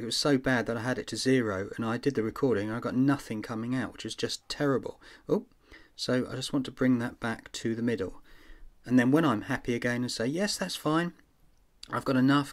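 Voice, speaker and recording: Guy walking thru an app on his phone, chatty, counting out loud to test levels. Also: medium pitch. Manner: chatty, thinks aloud, counts out loud while testing. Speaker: app reviewer. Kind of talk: casual screen demo walkthrough.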